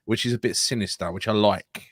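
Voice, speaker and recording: A man's voice: fairly low pitch, steady tone, brisk, dry recording, studio quality. A man chatting casually about football on a live show, agreeable and sometimes swearing.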